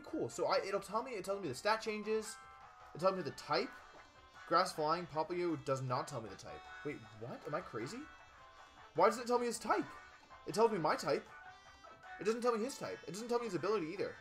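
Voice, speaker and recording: An excitable young man talks through a video game in a casual let's play, full of jokey asides. His voice is bright and slightly high for a man, with lively swings in pitch. Faint game music plays behind him. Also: fairly quick.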